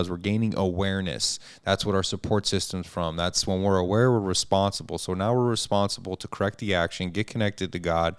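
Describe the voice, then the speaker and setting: A man hosting a recovery podcast, speaking earnestly and slowing down to make his points. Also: low voice, smooth, no room sound, clean studio sound. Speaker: podcast host.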